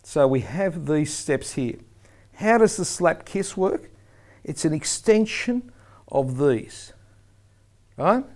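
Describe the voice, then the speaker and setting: A man lectures referees emphatically, demonstrating the firm and soft tones they should use. His voice is fairly high-pitched and expressive, and he speaks slowly.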